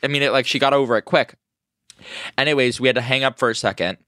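A man's voice: mid-range voice, fast talker, bright, forceful tone, no room sound, studio quality. A young man telling a prank story in a rambling, casual way, laughing as he goes. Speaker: guest grandson. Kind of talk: casual anecdote.

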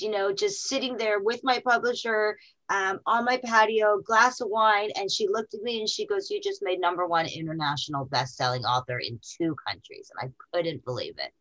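A woman's voice: medium pitch, fairly bright tone, highs cut off. A middle-aged woman speaking candidly as an interview guest, emotional and full of fillers and restarts.

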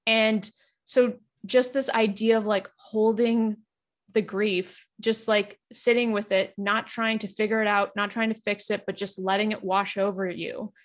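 Guest voice: woman from Canada, mid pitch, earnest, reflective, chatty. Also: flat delivery, measured pace. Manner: reflective, earnest, many fillers like "like" and "you know". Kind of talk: candid personal conversation.

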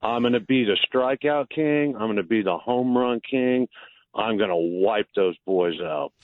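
A man's voice: lowish voice, a little slow, no room sound. A man in his fifties calling in to a radio show, joking and boastful. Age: 50s. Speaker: caller. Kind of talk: phone-in call. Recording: tinny phone line.

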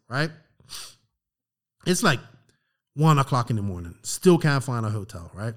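A middle-aged man telling a story on a podcast, animated and profane, acting out the lines of the people in it. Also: medium pitch, brisk. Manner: animated, profane, acts out quotes. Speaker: podcast co-host. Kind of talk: casual storytelling chat.

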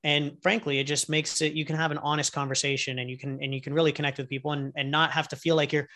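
A man's voice: fairly high pitch, fast talker. A man, a guest entrepreneur and coach, talking casually in an interview and acting out little scenes as he explains. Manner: animated storyteller who acts out little scenes.

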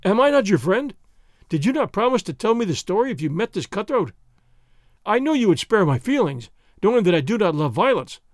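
A man's voice: high-pitched, very animated, fairly quick, dry recording, clean studio sound, pitched above the performer's own voice. A man voicing a mild, foppish young nobleman who needles a sergeant in a mock-innocent way. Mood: needling.

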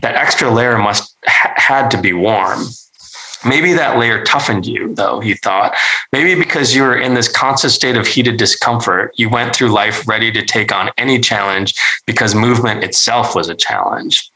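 A man reading a literary story aloud in a measured, even way, now and then correcting a word. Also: lowish voice, rough recording. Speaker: narrator.

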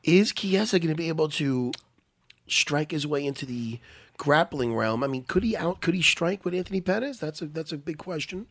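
Casual co-host voice: an excitable man who swears, laughs often, and speaks close and dry. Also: fairly high pitch, normal speed, dry recording. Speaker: podcast co-host. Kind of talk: casual sports chat.

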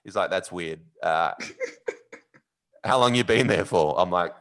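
Deep-voiced Australian man telling a story. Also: moderate pace. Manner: animated, rambling, with fillers and loud yelled bits. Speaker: podcast host. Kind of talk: casual storytelling.

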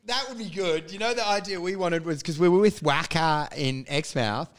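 A man's voice: fairly high pitch, normal speed, clean tone. A young Australian man in casual, sweary podcast banter who keeps acting out other people in his stories. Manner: animated, swearing, acts out people in bits. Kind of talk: casual chat.

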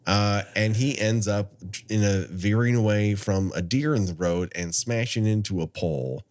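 A man's voice: lowish voice, normal speed. A man co-hosting a podcast, casually recapping a horror film with frequent laughs. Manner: animated, laughs often, plot-summarizing. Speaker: podcast co-host. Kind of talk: casual movie recap chat.

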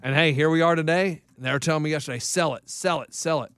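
A man's voice: a little high, fast, fairly bright tone, smooth, dry recording. Emphatic male co-host, chatty radio banter, dry studio sound. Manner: emphatic, insistent.

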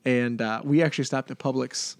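A man telling a story on a podcast in casual chat, animated, slipping into other people's voices and laughing as he goes. His voice sits in the middle range, recorded close and dry. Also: mid-range voice, a little fast, no room sound. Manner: animated, acts out voices in stories, laughs often. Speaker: podcast co-host. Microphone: podcast microphone.

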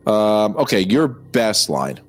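An American man co-hosting a loose film chat in a low voice with lively, swinging intonation. He restarts his sentences often and talks animatedly. Faint synth music plays behind him. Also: slow pace. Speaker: co-host. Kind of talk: casual film discussion.

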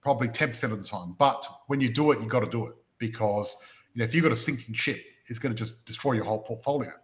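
A man's voice: medium pitch, fast. Australian man telling stories in a podcast. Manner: storytelling, rhetorical questions. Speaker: podcast host and property investment mentor. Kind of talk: casual podcast chat.

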